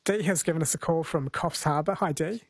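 A radio host asking questions and taking calls in a relaxed, conversational way. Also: mid-range voice, fairly quick, no echo. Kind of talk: radio interview.

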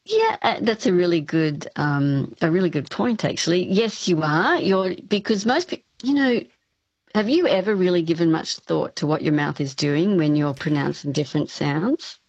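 A woman's voice: on the low side, expressive, normal speed, darkish tone, breathy edge, no echo, muffled recording. A woman speech pathology professor explaining her work as a radio interview guest, with frequent ums and restarts.

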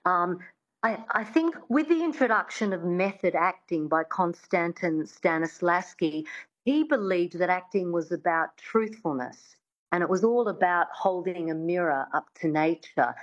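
Accent coach on a dull remote line. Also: female voice, fairly low pitch, animated, measured pace. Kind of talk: radio interview guest.

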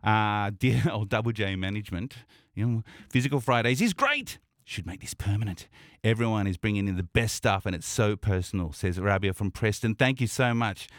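Low-voiced male radio host, gushing and emotional, dry studio mic. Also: expressive, normal speed, hardly any pauses, dry recording. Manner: effusive, emotional, laughs often, many fillers. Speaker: radio presenter. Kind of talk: casual radio chat between songs. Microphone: studio microphone.

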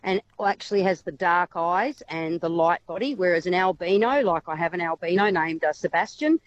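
A woman's voice: on the low side, normal speed, slight background noise. Woman guest, chatty wildlife carer, lots of ums, slightly muffled lo-fi sound. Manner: chatty, laughs often, many fillers. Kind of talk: radio interview.

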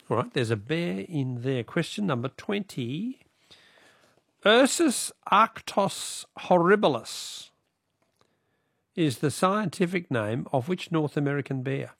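An Australian man hosting a radio quiz, briskly reading out questions and counting off the ones left. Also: on the high side, lively intonation, gravelly, slightly rough, no room sound, clean studio sound. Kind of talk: radio quiz and caller chat.

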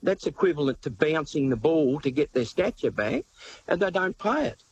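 A man's voice: fairly high pitch, sing-song, normal speed, slightly rough, no echo, rough recording. A man with an Australian accent calling in to a radio show with an earnest, rambling comment about a football rule. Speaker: caller.

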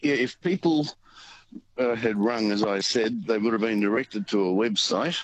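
A middle-aged Australian man on talkback radio, easygoing and halting with lots of ums. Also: fairly low pitch, rough recording. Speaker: caller and station volunteer.

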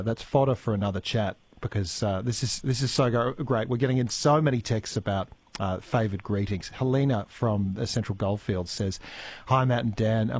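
Chatty Australian radio host, dry studio sound. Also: male voice, medium pitch, a little mellow, dry recording. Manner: chatty, with frequent fillers and restarts. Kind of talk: live talk radio hosting. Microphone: studio mic.

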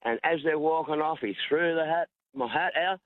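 A man's voice: fairly high pitch, moderate pace, no room sound. A middle-aged Australian man calling in, telling a rambling story in a chatty, colloquial way. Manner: rambling storyteller, calls host darling. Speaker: caller. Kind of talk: casual phone-in chat. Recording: dry tinny phone line.

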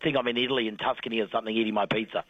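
A man's voice: fairly low pitch, steady tone, dry recording, lo-fi sound. A man with an Australian accent reading radio traffic updates and chatting casually on air. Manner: brisk, upbeat delivery. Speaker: traffic reporter. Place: radio studio.

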